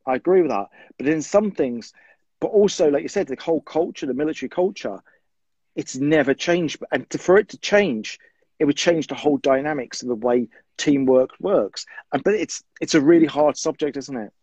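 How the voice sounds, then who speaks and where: A man's voice: a little high, expressive, moderate pace, darkish tone, breathy edge, no echo. A man and military veteran in casual chat, reflective and conversational. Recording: dull, dry lo-fi mic.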